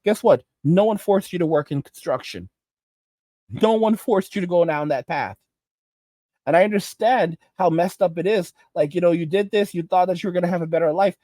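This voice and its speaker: Exasperated man lecturing, fairly high voice. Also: normal speed, dark tone, dry recording. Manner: exasperated, lecturing, repetitive restarts. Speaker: commentary channel host. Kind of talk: ranting video commentary.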